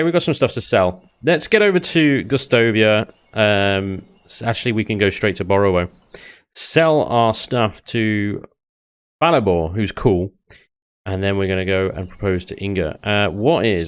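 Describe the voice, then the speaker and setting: A joking, chatty man talks through his video game. His voice sits fairly low. Faint music plays beneath his commentary. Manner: chatty, joking, laughs often. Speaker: gaming YouTuber.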